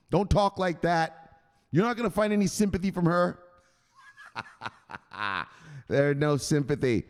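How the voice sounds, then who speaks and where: A man hosting a casual livestream, giving loose, profane shoutouts to viewers with laughs along the way. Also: sits high, lively intonation, measured pace, long pauses, in a large hall. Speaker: host.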